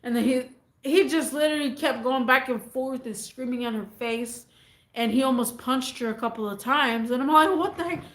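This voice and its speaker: A woman's voice: sits high, normal speed, a bit bright, echoey room. A woman vlogger casually and animatedly retelling a neighbor story, rambling as she goes.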